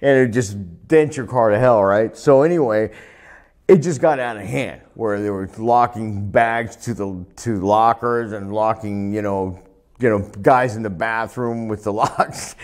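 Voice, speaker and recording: A man with a fairly low voice tells wild stories, swearing constantly. He laughs his way through them. It sounds like a seated interview on a clip-on mic. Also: unhurried. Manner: profane, laughing, animated anecdotes. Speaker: retired pro wrestler, interview guest. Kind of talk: storytelling shoot interview.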